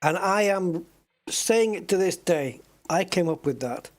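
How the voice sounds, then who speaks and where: A man's voice: high voice, animated, a little slow. A man chatting casually and joking with viewers while live-streaming a space game.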